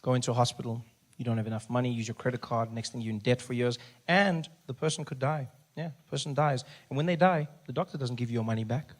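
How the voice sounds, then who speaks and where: A male stand-up comedian, telling a story in an animated way and acting out scenes. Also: medium pitch, fast, hardly any pauses. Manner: animated, acts out scenes, rising to shouts.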